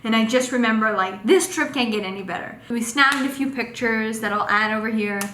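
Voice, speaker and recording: A young woman casually telling a personal story in a vlog, animated and full of fillers. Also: on the high side, fairly quick. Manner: animated, acts out quotes with lots of fillers. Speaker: vlogger. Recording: echoey room with faint noise.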